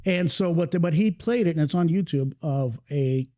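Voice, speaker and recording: Man, podcast host, crude and rambling, swears a lot, higher-pitched voice. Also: normal speed, warm tone, no echo. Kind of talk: casual chat. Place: cigar lounge.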